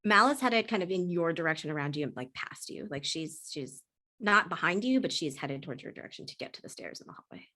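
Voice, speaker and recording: Woman gm, voice on the lower side, chatty, lots of ums and restarts while explaining the rules. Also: animated, fast, sharp tone. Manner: casual, explanatory, with frequent fillers and restarts. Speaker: game master. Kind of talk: narrating and explaining rules in a tabletop game.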